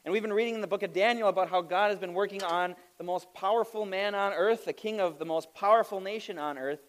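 Man, pastor, sermon, animated storyteller, self-deprecating, slightly high voice. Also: fast talker.

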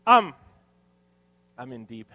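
In a dry, dull-sounding recording, a pastor in his thirties preaches slowly to his congregation in a church hall. His mid-range voice is sing-song with a sharp tone, and he mixes scripture with self-deprecating, joking family stories.

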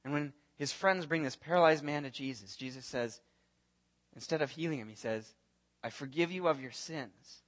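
A man preaching a sermon as pastor, telling the story in an earnest, animated way and acting out the voices of the people in it. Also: on the high side, normal speed.

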